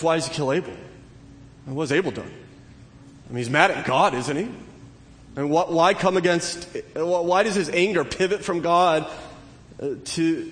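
Man preaching a sermon in a reverberant hall. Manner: rises to emphatic, animated peaks then drops low. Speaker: pastor. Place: church sanctuary. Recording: long hall reverb, faint noise.

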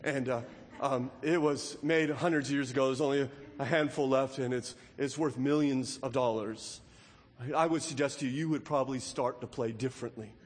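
A man preaching a sermon, animated, asking his listeners many questions along the way. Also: mid-range voice, normal speed, long reverb tail. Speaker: pastor.

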